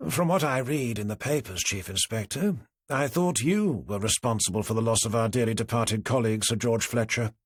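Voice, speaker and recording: A man's voice: medium pitch, a little fast, breathy edge, no echo, clean studio sound, lightly acted. A man doing a smug, smirking villainous politician. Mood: smirking, sly.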